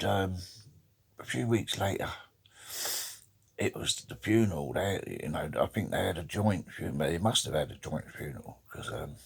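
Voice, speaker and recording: A man's voice: sits low, gravelly, breathy edge. A man casually telling jokes to a friend, rambling and swearing. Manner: rambling, laughs at his own jokes, swears. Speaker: joke teller.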